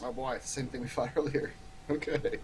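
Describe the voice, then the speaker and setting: A man's voice: medium pitch, steady tone, moderate pace, a little mellow. A man playing in a tabletop game, chatting casually and laughing often. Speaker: player.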